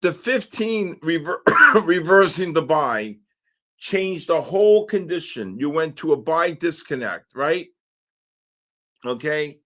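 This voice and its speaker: Excitable man hosting live trading. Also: fairly high pitch, slow pace. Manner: excitable, exclaiming, repeats himself. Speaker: trading livestream host.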